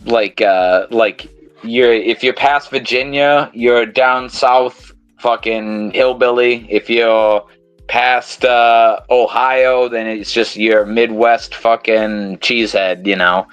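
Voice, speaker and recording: A man's voice: mid-range voice, fairly even intonation, takes it slowly, fairly bright tone, clear, resonant tone, dry recording, muffled recording, soft background music. A man from New England with a New England accent, hosting a podcast in casual, rambling, profane chat. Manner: rambling, profane, laughs often. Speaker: podcast host.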